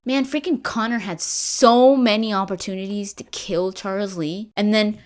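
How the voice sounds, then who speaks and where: A woman's voice: mid-range voice, steady tone, normal speed, hardly any pauses. A woman in her twenties chatting casually about a game she just finished, rambling with fillers and restarts. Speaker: gaming vlogger. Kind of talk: casual game review chat.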